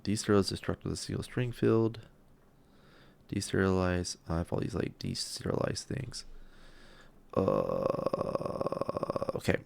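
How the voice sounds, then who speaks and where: Coding a game live on stream, a man mutters and thinks out loud, at times slipping into a whisper, loopy and self-mocking. His low voice swings widely in pitch, with vocal fry, a measured pace, and frequent pauses.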